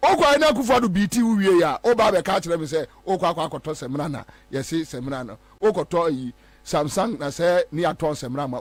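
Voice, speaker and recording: High-voiced ghanaian guy hosting, emphatic and repeats himself a lot, dry close sound. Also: animated, fairly quick, no room sound. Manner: emphatic, repetitive, mimics others mockingly. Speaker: talk show host. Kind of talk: animated political commentary.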